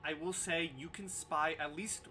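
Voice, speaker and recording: A man running a tabletop game as game master, in measured, descriptive narration. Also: a little high, steady tone, background noise.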